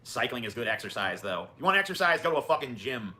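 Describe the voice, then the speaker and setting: A man's voice: mid-range voice, very animated, fast talker, bright, forceful tone. A man arguing dismissively in a heated debate clip, with a mocking tone. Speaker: online commentator in a played clip.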